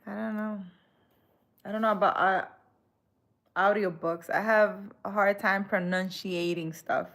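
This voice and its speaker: A woman spiritual reader chatting casually on a live stream, soft-spoken and hesitant as she answers comments. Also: medium pitch, steady tone, a little slow, long pauses.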